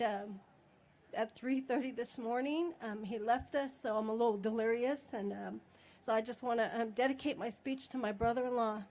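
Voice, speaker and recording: A tribal chairwoman giving an emotional ceremony speech outdoors at a podium microphone, partly reading and partly speaking off script with candid, laughing asides. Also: fairly high pitch. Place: outdoor monument ceremony in a park.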